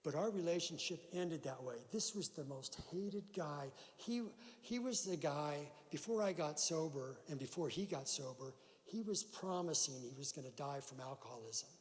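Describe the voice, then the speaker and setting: Animated man telling a story in a hall. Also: on the high side, normal speed, few pauses. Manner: animated storyteller acting out voices. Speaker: recovery meeting speaker. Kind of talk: personal story told at a meeting. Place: church hall. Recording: long hall reverb.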